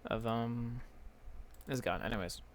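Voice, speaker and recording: A man's voice: medium pitch, unhurried, slight background noise. A man giving casual, chatty commentary while playing a video game, reacting aloud to what happens on screen. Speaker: gamer streamer. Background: game music.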